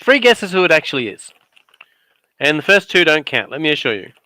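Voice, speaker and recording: An Australian man with a bright, forward voice trades dry, teasing jokes as a livestream commentator. The sound is close and dry, with no room echo at all. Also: fairly high pitch, sing-song, fairly quick. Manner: playful, teasing, dry asides. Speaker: guest commentator on a craft livestream. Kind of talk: casual joking livestream commentary.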